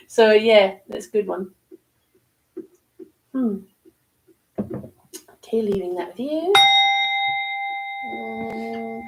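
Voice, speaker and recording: A woman's voice: mid-range voice, vocal fry, a little mellow, a little hiss or hum, poor audio. A woman giving casual livestream tarot readings, chatty and rambling, laughing easily between cards. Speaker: psychic reader on a livestream. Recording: music playing behind.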